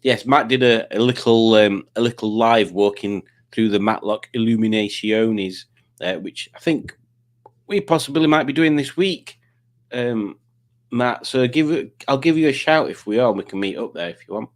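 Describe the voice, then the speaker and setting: A man's voice: medium pitch, normal speed. Rambling man hosting a stream. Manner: rambling, reads out chat comments. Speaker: quiz stream host. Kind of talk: casual live-stream chat.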